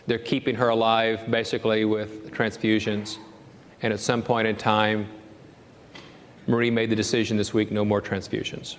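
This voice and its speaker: A man preaching a sermon as pastor, telling a story and rising to an impassioned high pitch when he quotes scripture. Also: flat delivery, normal speed, slight background noise. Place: church sanctuary. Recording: long hall reverb, faint ambience.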